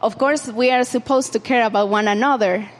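A woman's voice: a little high, a little fast, big-room sound. A woman preaching an informal sermon in a conversational way, with frequent fillers and restarts.

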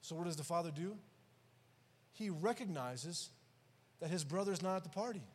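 A man preaching a sermon who swings between loud and hushed passages and acts out the dialogue of the story. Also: sits high, normal speed, slightly rough. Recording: long hall reverb.

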